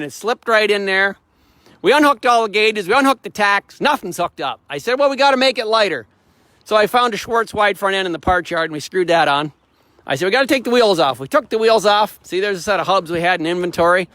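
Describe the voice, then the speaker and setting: A man's voice: high-pitched, a bit bright, no room sound. A middle-aged man hosting a casual walkaround, telling a rambling, plain-spoken story in a folksy way. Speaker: host, tractor dealer.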